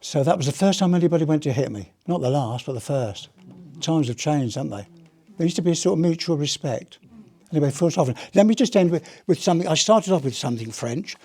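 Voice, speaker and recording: A man's voice: fairly high pitch, lively intonation, fast, warm tone. An older man, a retired police officer, giving a rambling, chatty anecdotal talk to a live audience. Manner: rambling, chatty storyteller with many restarts. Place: heritage gallery talk.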